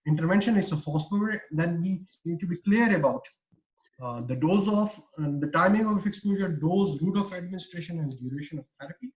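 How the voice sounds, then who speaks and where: A man's voice: high voice, a little fast, rough recording. A man giving an online research lecture over a video call, explaining with many "uh" fillers and restarts. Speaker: webinar lecturer.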